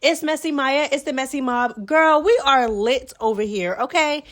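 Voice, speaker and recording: A woman hosting a casual reality TV recap vlog, sassy and expressive, full of slang and talking straight to her viewers. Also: sits high, normal speed. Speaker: host of a reality TV recap channel.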